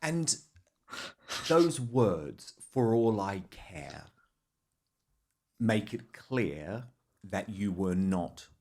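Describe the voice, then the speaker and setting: A man's voice: fairly low pitch, sing-song, very slow, pauses often, darkish tone. A man interviewing on TV, feeding sympathetic, leading questions.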